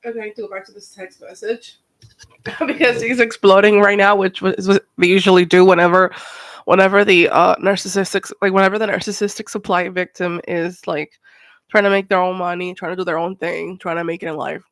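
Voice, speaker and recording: A woman's voice: mid-range voice, steady tone, fairly quick, no echo. Emphatic woman giving reaction commentary. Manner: emphatic, swearing, repeats words. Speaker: host.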